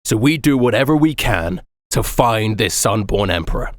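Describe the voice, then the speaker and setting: A man's voice: fairly low pitch, expressive, normal speed, dry recording, studio quality. A man running a tabletop game as game master, narrating casually with laughter and swearing.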